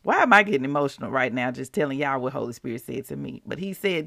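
Woman, devotional podcast host; bright, forward tone, dry room, conversational. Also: extremely low pitch, lively intonation, fast, vocal fry, hardly any pauses, no echo. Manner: chatty, asks the listeners rhetorical questions. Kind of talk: casual devotional talk.

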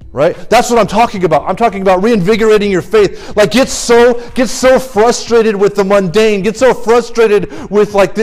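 A young man preaching a sermon, urging listeners with rapid rhetorical questions. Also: high voice.

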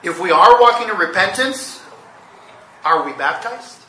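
A man's voice: high-pitched, animated, a little slow, sharp tone, reverberant, far from the mic, poor audio. A man preaching a sermon, teaching earnestly and posing rhetorical questions to his listeners. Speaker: pastor.

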